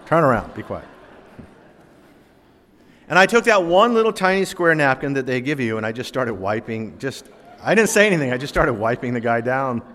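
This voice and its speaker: A man delivers a sermon in an ordinary mid-range voice, mixing animated, self-deprecating anecdote with scripture. His words ring out with the long reverb of a large church hall. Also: mid-range voice, fairly quick. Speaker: preacher. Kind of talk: sermon with personal storytelling.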